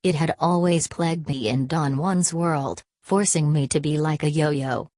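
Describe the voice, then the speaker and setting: A woman reading a first-person story aloud in an even, measured way. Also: sits low, dry recording. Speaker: audiobook reader. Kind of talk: first-person audiobook narration.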